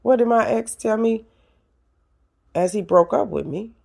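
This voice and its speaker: Animated woman giving advice, gravelly voice. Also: on the high side, a little slow. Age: older. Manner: animated, preachy, addresses listeners directly. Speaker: podcast host. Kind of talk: casual advice talk.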